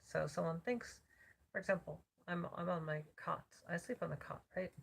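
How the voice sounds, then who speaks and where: Very gravelly, husky tired woman. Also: lowish voice. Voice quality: slightly slurred. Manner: rambling, halting, with many pauses and fillers. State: exhausted, voice worn out. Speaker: vlogger. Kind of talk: casual check-in vlog. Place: lying on a cot at home. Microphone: phone camera.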